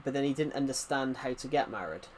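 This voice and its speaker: A man's voice: medium pitch, animated, fast, slight background noise. A man giving casual, rambling commentary while playing a video game, chatting and drifting onto side topics. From Britain. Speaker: gaming channel host.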